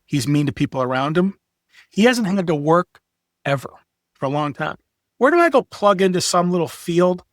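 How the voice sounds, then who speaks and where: A middle-aged man talking as a podcast guest, telling lively stories with swearing and acted-out quotes. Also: sits high, normal speed, dry recording, studio quality. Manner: animated storyteller, profane, acts out quotes. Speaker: podcast guest, graphic designer. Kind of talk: casual chat.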